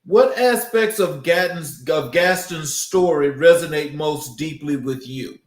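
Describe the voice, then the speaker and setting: A man's voice: a little high, measured pace. Man hosting in an echoey room. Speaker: interview host. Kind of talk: interview questions.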